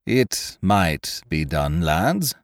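A man voicing a calm, shrewd male sea captain who bargains in an unhurried, commanding way. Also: on the low side, no room sound, pitched above the performer's own voice.

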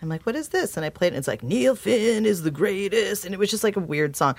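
A woman from Massachusetts, a podcast guest telling stories in casual chat and acting out quotes in a high voice. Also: very fast, no echo. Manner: animated storyteller, acts out quotes in a high voice.

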